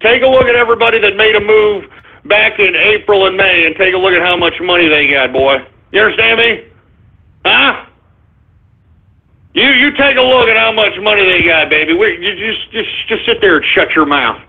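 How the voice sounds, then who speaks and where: Male radio host, high voice, caustic ranting delivery, phone-quality audio. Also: moderate pace, gravelly. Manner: abrasive, insulting, sarcastic. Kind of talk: live internet radio shout-outs and rant. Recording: tinny phone-like sound.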